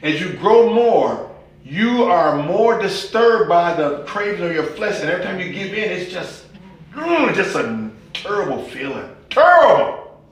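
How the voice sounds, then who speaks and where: A man delivers a sermon in a folksy, joking pastor's voice that sits a little high. His pitch swings widely as he rises into exclamations. The sound bounces around an echoey room. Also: unhurried. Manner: animated, folksy and humorous, with rising exclamations.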